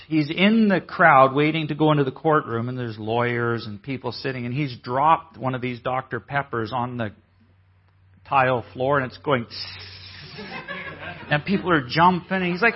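A man telling a story in a conference sermon, acting out the people he quotes in a lively way. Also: fairly high pitch. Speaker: conference speaker. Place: church hall. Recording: dull, muffled audio.

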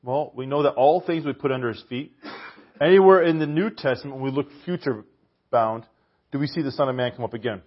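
A man preaching a sermon in a conversational, animated way, sometimes dropping to a hushed softness. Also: medium pitch, fairly quick. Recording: dull, lo-fi church recording.

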